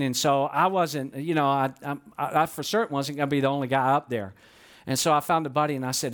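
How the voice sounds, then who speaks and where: A middle-aged man preaching a sermon in a church, telling folksy stories with conversational asides. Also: medium pitch. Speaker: pastor. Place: church auditorium.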